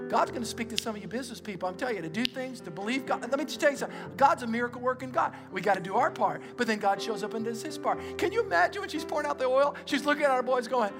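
A middle-aged male pastor giving an energetic, emphatic sermon and calling on the congregation to repeat after him. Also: very high-pitched. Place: church auditorium. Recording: long reverb in a large hall, with music.

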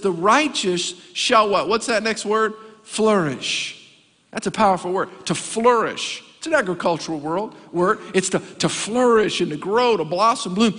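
A pastor man preaches with a high, bright, lively voice and tells stories with humorous asides. His voice rings with the long reverb of a big church hall. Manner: animated storytelling with comic asides. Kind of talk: sermon. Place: church sanctuary.

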